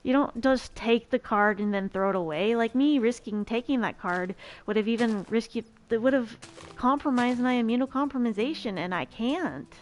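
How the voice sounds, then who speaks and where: A woman's voice: fairly high pitch, normal speed. Chatty woman streamer telling a story. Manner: chatty, emphatic, with many restarts. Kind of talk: casual story time.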